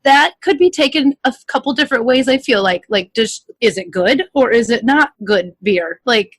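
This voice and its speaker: A woman co-hosts a casual podcast with a lively, swooping voice, giggling and asking questions. Her voice sits slightly high and the recording is dry and close. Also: moderate pace, dry recording. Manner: animated, giggly, asks questions. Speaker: podcast co-host. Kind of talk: casual chat.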